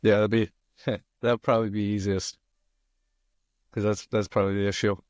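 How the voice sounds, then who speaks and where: A man hosting a podcast, upbeat and jokey, quick to laugh with his guests. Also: fairly low pitch, little pitch movement, a little mellow, no room sound, studio quality. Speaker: podcast host. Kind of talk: casual podcast chat.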